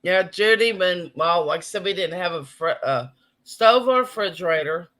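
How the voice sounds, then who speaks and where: A man's voice: high-pitched, animated, moderate pace, fairly bright tone. A man hosting a casual live stream, chatting and reading viewers' comments aloud.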